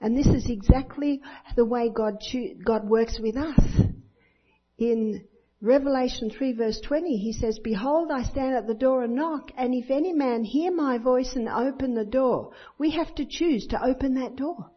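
A woman's voice: high voice, a little slow, slightly rough. An older woman giving a sermon, telling personal stories and acting out the voices of children. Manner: storytelling, acts out voices of children and others. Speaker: Christian speaker. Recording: dull lo-fi recording.

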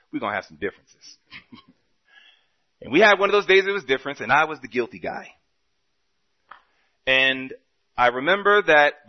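A man preaching a sermon, telling a story with quoted dialogue and swinging between loud and soft passages. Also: medium pitch, highs cut off.

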